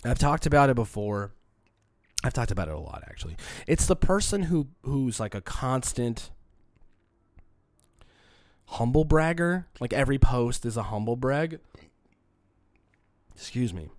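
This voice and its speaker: A man's voice: medium pitch, sing-song, a little slow, pauses often, darkish tone, dry recording. Young guy with a cold doing a solo pod, rambly and sweary, dry close mic. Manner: rambling, candid, profane, emotional. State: sick with a cold, congested and coughing. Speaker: podcast host. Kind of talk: solo podcast monologue.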